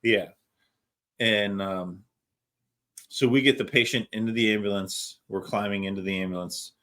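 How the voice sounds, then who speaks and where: A middle-aged man with a fairly low voice spins a story from his paramedic work in a relaxed podcast chat. His delivery is loose and anecdotal, and he swears freely as he goes. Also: moderate pace. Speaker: podcast co-host.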